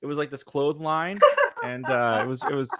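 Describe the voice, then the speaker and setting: A man's voice: medium pitch, fairly even intonation, brisk, heavy background noise. A man telling a rambling, self-mocking story as a guest in a casual chat. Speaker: guest co-host.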